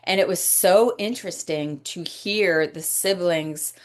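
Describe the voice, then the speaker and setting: Speaking in a lowish voice, the woman hosting this podcast takes a slow, reflective approach to a casual faith-centered talk. She stops at times, looking for the right words.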